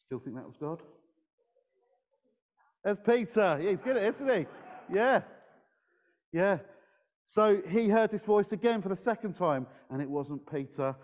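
In a church hall, a man gives a playful children's talk during a service, quizzing his young listeners with questions as he goes, using a handheld microphone. His voice sits high, animated and darkish in tone, at a measured pace with long pauses, and the sound is big-room.

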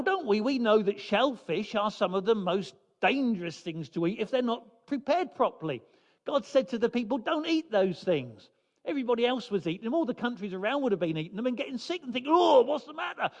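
A man preaching a sermon in a church, building slow emphatic phrases and dropping suddenly soft. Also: very high-pitched, long reverb tail, lo-fi sound. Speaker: pastor.

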